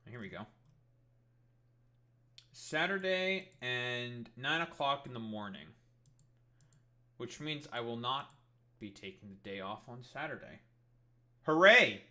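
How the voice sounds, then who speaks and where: A man's voice: mid-range voice, bright, forceful tone. A young man streaming, chatting casually in a rambling, sarcastic way with lots of swearing. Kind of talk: casual live-stream commentary.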